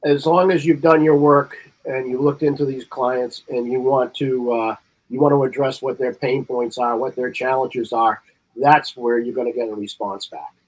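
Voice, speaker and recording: A man's voice: medium pitch, fairly even intonation, normal speed. A man on a marketing panel talking casually and rambling, reading bits of ad copy aloud with extra emphasis. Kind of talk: casual chat.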